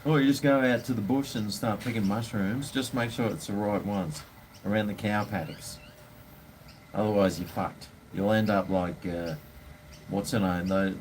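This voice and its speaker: A man's voice: fairly low pitch, a little mellow, a little hiss or hum. An Australian man hosting a casual live stream, rambling and blunt, swearing freely while drinking beer.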